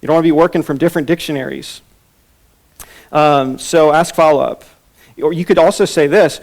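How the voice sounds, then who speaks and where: A man's voice: a little high, brisk, gravelly, long pauses, darkish tone. A man teaching a church class on soul care, talking conversationally and acting out quotes. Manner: conversational, with restarts and acted-out quotes. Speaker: Bible teacher.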